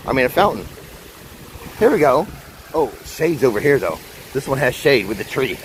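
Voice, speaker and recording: A man's voice: mid-range voice, very animated, normal speed, low-quality recording. A man live-streaming a stroll outdoors in a theme park, chatting in a rambling way straight to his viewers beside a fountain. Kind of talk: casual live-stream chat. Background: wind and splashing water.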